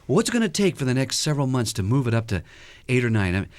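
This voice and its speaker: A man's voice: medium pitch, quick pace, dry recording. A man appearing as a guest counselor on a radio talk show, telling stories with animation and acting out the quotes. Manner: animated storyteller who acts out quotes.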